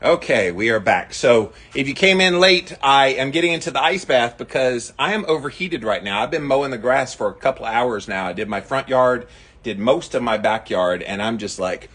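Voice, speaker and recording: A man's voice: mid-range voice, a bit bright, husky. A man, a little out of breath, chatting upbeat to his viewers outdoors in his backyard on a live stream. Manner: upbeat, talks straight to viewers. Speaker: vlogger. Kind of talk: casual live-stream chat.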